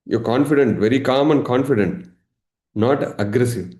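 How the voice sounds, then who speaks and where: A man teaching a live online session as a meditation coach, lively, acting out everyday examples and laughing. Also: medium pitch, normal speed, reverberant. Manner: animated, acts out examples, laughs often.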